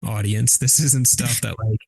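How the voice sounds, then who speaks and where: A man's voice: lowish voice, fairly even intonation, unhurried, creaky, slightly rough, no echo, clean studio sound. A man co-hosting a podcast in casual, thoughtful chat, talking loosely with many "like"s and "you know"s. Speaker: podcast co-host.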